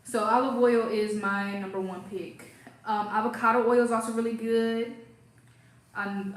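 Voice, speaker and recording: A woman's voice: on the high side, echoey room, rough recording. A young woman hosting a casual hair care livestream, playful and chatty, reading viewer comments as she goes.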